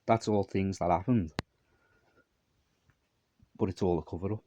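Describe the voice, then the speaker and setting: A man's voice: low voice, fairly even intonation, unhurried, dark tone, a little hiss or hum. A man telling a long, meandering story in a repetitive monologue. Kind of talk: rambling monologue.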